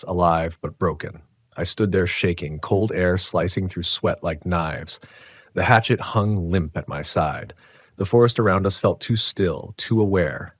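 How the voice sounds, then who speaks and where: A man reading a scripted first-person horror story, low and tense, with dramatic pauses. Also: no room sound. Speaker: narrator.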